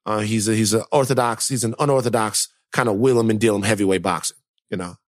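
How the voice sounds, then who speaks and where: This podcast co-host is a man with a lowish voice who talks fast, recorded dry with studio quality. He tells a story in casual chat, animated and acting out the quotes of the people in it.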